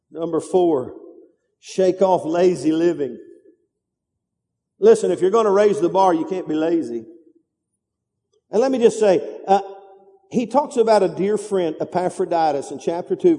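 A man's voice: high-pitched, dark tone. A male pastor preaching a sermon, urging his congregation to answer back and repeat after him. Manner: emphatic call-and-response preaching. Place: church sanctuary. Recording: long reverb of a large hall.

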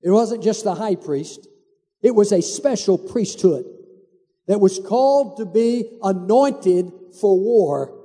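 High-voiced preacher man in a reverberant hall. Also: slow pace, dark tone, husky. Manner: emphatic preacher, repeats lines for stress. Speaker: pastor. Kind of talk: sermon.

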